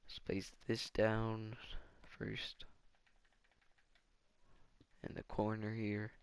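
A man's voice: on the low side, monotone, extremely slow, smooth. A man giving casual let's-play commentary, rambling and thinking aloud as he plays. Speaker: gaming channel host.

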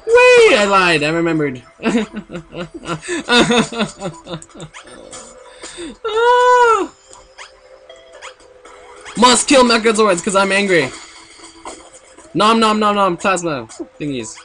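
A young man giving jokey, excitable commentary while playing a video game, with sudden outbursts. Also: high voice, measured pace, faint music behind. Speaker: let's play gamer. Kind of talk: goofy gameplay commentary.

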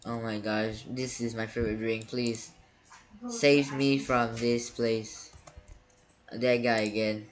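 Speaking slowly in a flat, mid-range voice, this man narrates gameplay for his YouTube channel. He sounds panicked, stammers, and repeats words over and over.

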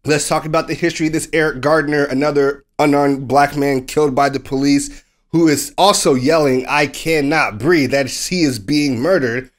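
Animated man telling a story. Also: a little high, moderate pace. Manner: animated storytelling, acts out quoted people. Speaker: podcast co-host. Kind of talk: casual sports podcast chat.

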